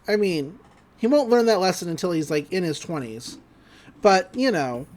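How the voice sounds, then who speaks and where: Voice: medium pitch, sing-song, moderate pace, a little mellow. A podcast host giving a casual, rambling episode recap, often laughing.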